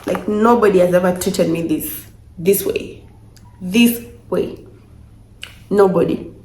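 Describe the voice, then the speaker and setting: A young woman speaks slowly in a lowish, darkish voice as she unboxes gifts for a casual vlog, gushing and repeating herself emotionally. The recording has room echo and faint noise.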